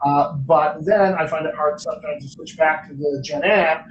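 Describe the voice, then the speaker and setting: A man's voice: on the high side, steady tone, moderate pace, muffled recording. A man hosting a live-stream Q&A as a dialect coach, chatty and reading out viewer questions. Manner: chatty, reads questions aloud, playful nagging. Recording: echoey room, from far off, faint noise.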